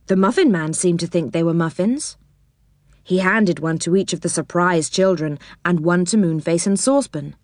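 A woman's voice: fairly low pitch, darkish tone, no room sound, clean studio sound. Woman reading a children's story expressively. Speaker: narrator.

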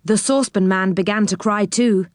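A woman reading a children's chapter book aloud, gently and expressively. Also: mid-range voice, no room sound, studio quality. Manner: slow, gentle, expressive reading with voices for characters. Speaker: storybook reader.

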